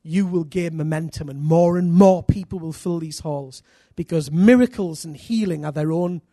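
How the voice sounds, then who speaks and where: A middle-aged man from England, preaching a sermon full of personal stories, energetic and self-deprecating with bursts of loud emphasis. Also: on the high side, normal speed, no room sound, studio quality.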